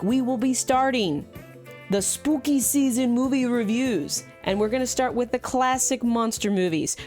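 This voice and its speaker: A woman hosting a movie review vlog, chatty and animated with casual fillers. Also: on the high side.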